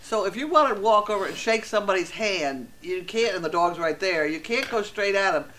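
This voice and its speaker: A woman's voice: mid-range voice, lively intonation, a little fast, fairly bright tone. A woman chatting casually as co-host at a dog training center, giving short, matter-of-fact replies. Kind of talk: casual chat.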